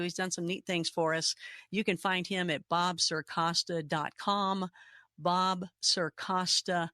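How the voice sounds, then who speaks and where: A woman hosting a radio talk show, a little hoarse, chatty and upbeat, laughing between words. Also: fairly low pitch, flat delivery, unhurried, sharp tone, dry recording, clean studio sound. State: slightly hoarse. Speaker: radio host.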